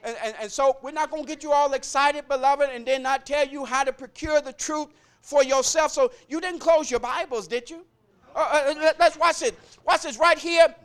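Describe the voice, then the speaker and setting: A man's voice: extremely high pitch, moderate pace. A man preaching a sermon in a church, repeating lines in rhythm and calling out to the congregation. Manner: rhythmic call-and-response preaching that builds to shouting.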